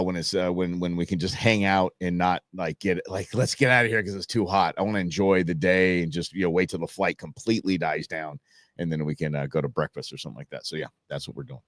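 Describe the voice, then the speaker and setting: A man's voice: deep voice, dry recording, studio quality. A man hosting a live show, chatting casually, laughing often and reacting to viewer comments. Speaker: livestream host. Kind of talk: casual live-stream chat.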